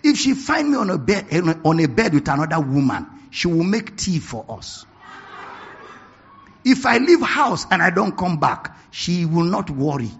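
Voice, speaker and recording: A man's voice: on the high side, very animated, measured pace, creaky, a bit bright, slightly rough, dull audio, exaggerated voice. A man voicing an exasperated husband who complains to a friend in a raised, incredulous voice.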